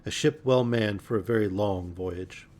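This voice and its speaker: A man voicing a cold, calm male sorcerer who gives orders and reads minds. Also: on the low side, normal speed, natural voice. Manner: calm, commanding.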